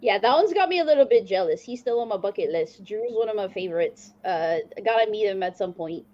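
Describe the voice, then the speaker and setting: A woman's voice: medium pitch, expressive, brisk, a little mellow, dull audio. A woman hosting a casual interview, telling rambling stories and laughing often. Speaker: host. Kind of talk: casual chat.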